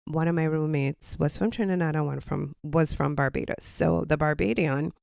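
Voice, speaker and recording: A woman's voice: low-pitched, normal speed, gravelly, darkish tone, dry recording, studio quality. A Jamaican woman, a podcast host and college lecturer, giving casual advice in an explanatory, teacherly way. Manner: explanatory, teacherly, with personal anecdotes.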